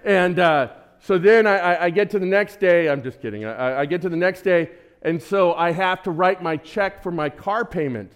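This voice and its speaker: A man in his sixties delivers a sermon as a story, lively and theatrical. His voice sits a little high for a man, and he acts out his own cries and the dialogue. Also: moderate pace, few pauses, smooth. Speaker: preacher.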